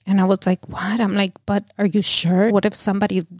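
A middle-aged woman telling her own painful story as an interview guest, halting and full of restarts and fillers. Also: medium pitch, flat delivery, a little mellow, dry recording, studio quality. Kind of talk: emotional personal testimony.

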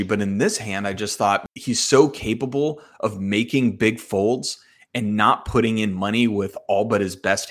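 A man hosting a solo podcast, walking through a hand he played with animated, self-mocking storytelling. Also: mid-range voice. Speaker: podcast host.

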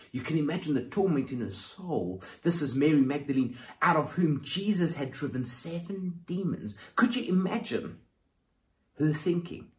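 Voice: mid-range voice, big pitch swings, unhurried, a little mellow. Preacher doing a sermon, voice jumps all over, dramatic scripture retelling.

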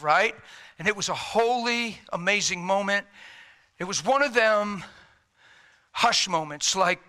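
Male pastor, sermon, animated storyteller, high and very bright voice. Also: clean tone.

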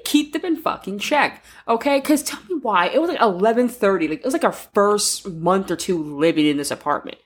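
A woman's voice: medium pitch, fairly quick, few pauses, slightly rough. A woman co-hosting a podcast in casual chat, telling stories with heavy swearing and acting out what people said. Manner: animated storytelling, heavy swearing, acts out quotes. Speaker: podcast co-host.

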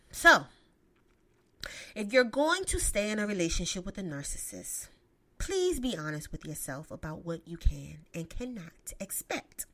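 Lively, sassy woman with a swooping voice. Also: medium pitch, a little slow. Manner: profane, emphatic, sassy asides. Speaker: vlogger giving relationship advice. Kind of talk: casual advice monologue.

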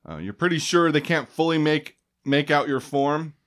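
Game master guy narrating the scene, kinda high voice, super up and down, lots of uhs. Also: normal speed. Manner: relaxed, rambling, many fillers and restarts.

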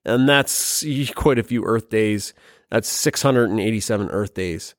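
A man's voice: on the low side, a little slow, no echo, clean studio sound. A man hosting a science podcast, chatting casually and joking, with playful put-on quotes. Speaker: podcast host.

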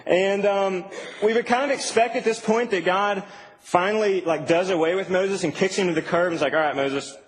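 Young male pastor, high voice, relaxed humorous delivery, long hall echo. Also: normal speed. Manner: casual, animated, humorous preaching. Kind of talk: sermon. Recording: reverberant hall, faint ambient noise.

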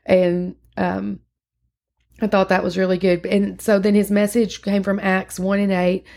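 A woman's voice: mid-range voice, little pitch movement, a little slow, gravelly, a little mellow. A woman podcast host recapping a church sermon in casual, earnest chat, with frequent fillers and restarts.

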